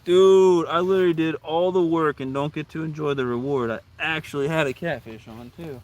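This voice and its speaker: A man's voice: fairly high pitch, fairly quick, a little mellow. A young man on a casual fishing stream, exasperated, repeating himself and talking to his chat outdoors by the water.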